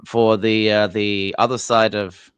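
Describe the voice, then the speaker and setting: A man with a lowish voice co-hosts a relaxed live-stream football chat. He is easygoing and chuckles often. He trails off and corrects himself as he goes, and the sound is close and dry. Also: a little slow, clean tone, no echo. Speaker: fan channel co-host.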